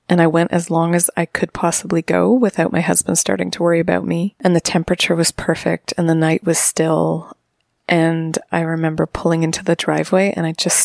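A woman co-host with a very low, gravelly voice tells stories vividly and deliberately. The sound is close and dry, with no room around her. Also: darkish tone, no room sound. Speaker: podcast co-host. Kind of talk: reflective podcast answers.

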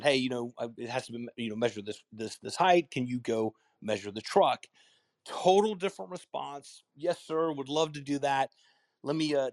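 A man with a mid-range voice tells a casual customer-service story, acting out both sides of phone calls. He restarts often and repeats words, and the recording is dry.

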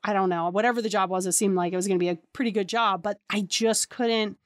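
A woman's voice: mid-range voice, steady tone, quick pace, no echo, clean studio sound. A woman in her thirties, a podcast host, casually telling personal stories and acting out the dialogue with lots of "like". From New York area. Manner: chatty, acts out quoted dialogue with lots of "like". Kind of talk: casual storytelling.

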